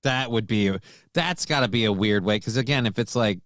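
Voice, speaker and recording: A man co-hosting a morning show, tossing crude jokes and quick interjections into casual banter. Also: lowish voice, fairly bright tone, no room sound, studio quality.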